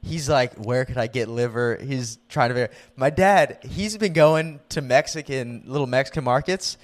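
A man's voice: mid-range voice, normal speed. A young man co-hosting a podcast, telling a story in casual chat, laughing often and saying "dude" and "like" a lot. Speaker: podcast co-host.

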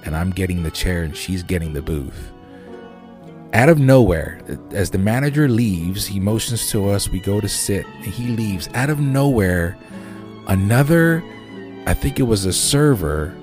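Man, podcast host, very low voice, casual rambling storytelling, swears, animated, faint music. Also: unhurried.

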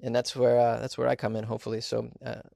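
A man's voice: medium pitch, completely flat delivery, fast talker, vocal fry, warm tone, dry recording, studio quality. A man hosting his podcast in a loose, rambling way, full of fillers and restarts. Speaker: podcast host. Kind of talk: casual monologue.

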